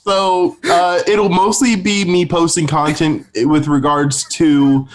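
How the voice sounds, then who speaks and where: A man's voice: a little high, flat delivery, takes it slowly. A man co-hosting a casual comedy podcast, rambling and laughing through his words. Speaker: podcast co-host.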